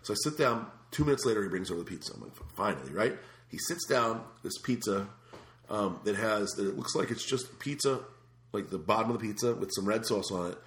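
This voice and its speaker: Fast-talking man, echoey room. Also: on the low side. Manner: animated, raises voice when quoting himself. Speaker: show host answering viewer questions. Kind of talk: casual storytelling chat.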